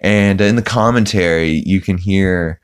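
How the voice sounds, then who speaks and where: A man's voice: deep voice, unhurried, clean tone. A man hosting a podcast who recaps a cartoon episode in a casual, rambling way, with lots of ums and restarts as he quotes scenes. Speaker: podcast host.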